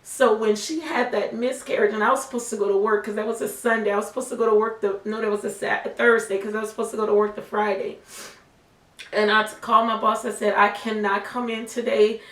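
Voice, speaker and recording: A woman's voice: mid-range voice, flat delivery, fast, fairly bright tone. A middle-aged woman sharing an emotional, faith-filled testimony as a mother, in earnest personal talk. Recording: roomy sound from a distant mic.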